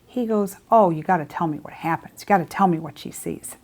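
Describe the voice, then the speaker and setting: A middle-aged woman, a psychic medium, telling a personal story in a casual, earnest way and acting out the dialogue with soft asides. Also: on the low side, a little fast.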